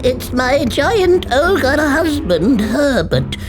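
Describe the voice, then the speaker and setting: A man voicing a kindly, nervous old woman, the ogre's wife, in a high fluttery voice. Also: big pitch swings, extremely slow, music in the background, exaggerated voice.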